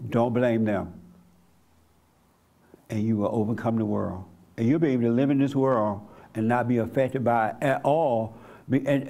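Gravelly-voiced pastor, blunt and conversational. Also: male voice, mid-range voice, dark tone. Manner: blunt, conversational, colloquial, questions the congregation. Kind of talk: interactive church teaching. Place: church gathering.

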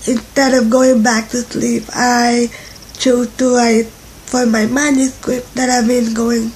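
A young woman with the flu vlogging from home, rambling and halting, her voice nasal and congested. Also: darkish tone, slight background noise, low-quality recording. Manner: rambling, halting, low-energy. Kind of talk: casual rambling vlog.

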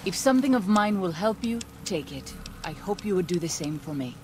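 An actor playing an earnest young tribal scout in a video game, speaking in a formal, polite way. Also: male voice, sits high, lively intonation, brisk, soft background music.

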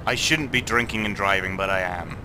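A young Scottish man commentating on his own gameplay, tipsy, sweary and jokey, swinging between muttering and excited shouting. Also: lowish voice, a little fast, background noise. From Scotland. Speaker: gaming YouTuber.

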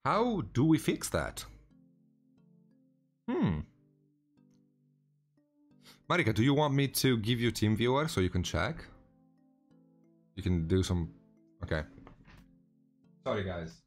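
A man hosting a casual live stream while painting miniatures, greeting viewers by name in a relaxed way with frequent restarts. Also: mid-range voice, slow pace, pauses often, faint music behind.

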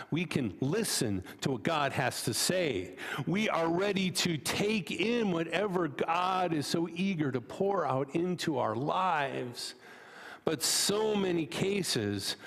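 A man's voice: fairly high pitch, vocal fry, in a large hall. A man preaching a sermon as pastor in a church, talking in a conversational way with fillers and restarts and telling a joke story. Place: church sanctuary.

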